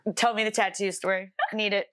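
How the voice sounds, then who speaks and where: A young woman co-hosts a podcast with a fast, mid-range voice that's a bit bright and shows little pitch movement. Her story is casual and rambling, filled with fillers and swearing.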